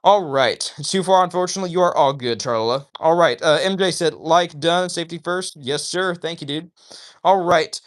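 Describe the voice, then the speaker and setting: A man's voice: a little high, moderate pace. Upbeat male streamer chatting with viewers. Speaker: livestream host reading chat. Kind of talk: casual livestream chat. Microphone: phone.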